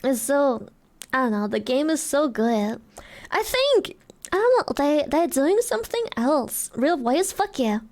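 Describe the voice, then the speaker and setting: Giggly high-voiced young woman streamer. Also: unhurried. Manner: giggly, swears a lot, thanks donors excitedly. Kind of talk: casual live-stream chat.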